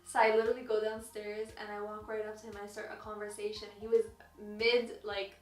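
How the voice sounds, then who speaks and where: A young woman vlogger telling an engagement story in casual chat, animated and laughing as she talks. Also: medium pitch, a little fast. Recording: roomy, distant, with music.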